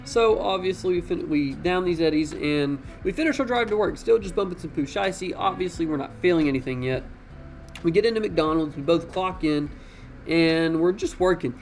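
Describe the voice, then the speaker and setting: Young man, gravelly voice, slightly high, slangy casual storytime, animated and cussing. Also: normal speed, soft background music. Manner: slangy, animated, swears freely.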